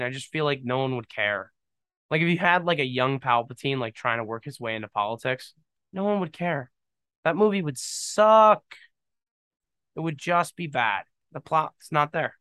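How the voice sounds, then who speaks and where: A man's voice: mid-range voice, bright, forceful tone, clear, resonant tone, no echo. A young man hosting his own podcast, rambling casually with jokes and lots of fillers. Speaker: podcast host. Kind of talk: casual solo podcast monologue.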